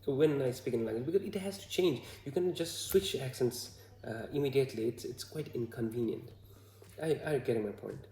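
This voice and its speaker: A man from Bhutan with a Bhutanese accent, talking to the camera in a hesitant, halting way full of fillers. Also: medium pitch, mellow, reverberant. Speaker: vlogger. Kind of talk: casual talk to camera.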